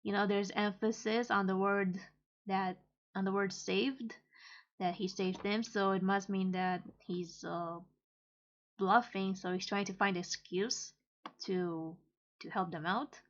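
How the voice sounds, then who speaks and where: Female, casual comic reader-translator; hesitant, unhurried delivery, muffled home mic. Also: medium pitch, fairly even intonation. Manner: hesitant, halting, many pauses and fillers.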